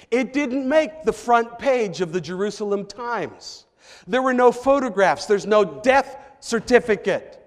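A man preaching a sermon as a pastor, telling a story in an unhurried way with emphatic rises, heard in the long reverb of a church sanctuary. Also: high-pitched.

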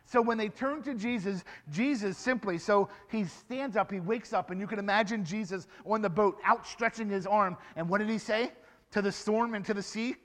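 A man with a high, light voice preaches to a group of children, stopping often to ask them questions and acting out the story. His voice rings with long reverb from a large hall. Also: moderate pace. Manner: animated, asks the children questions. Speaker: children's pastor. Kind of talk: children's sermon.

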